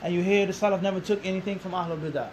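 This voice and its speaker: A man's voice: high-pitched, steady tone, racing, a little mellow, a little hiss or hum, rough recording. A man in his thirties with a Philadelphia accent, giving an interview that turns into a lecture, asking the room rhetorical questions and repeating his points. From Philadelphia, USA. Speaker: interviewed Islamic teacher.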